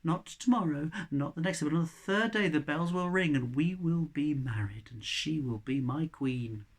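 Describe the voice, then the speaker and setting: A man's voice: a little high, moderate pace. A male storyteller voicing a smug, greedy young prince boasting in a plain voice.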